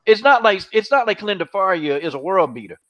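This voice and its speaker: A high-voiced man rants on a podcast, mocking and repetitive, swearing freely. The audio is dull and lo-fi. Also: fast talker. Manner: animated, mocking, repeats himself, swears freely. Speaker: podcast host. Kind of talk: heated casual MMA chat.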